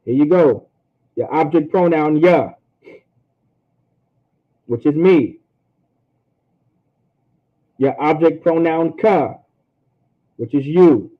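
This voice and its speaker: A man teaching a language class in a casual way, often repeating himself and sounding out words slowly. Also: a little high. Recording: tinny phone-like line.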